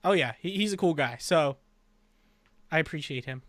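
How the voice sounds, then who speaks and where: A man co-hosting a fan review podcast, chatting casually with excitable, quick back-and-forth banter. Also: on the high side, no echo. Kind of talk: casual chat.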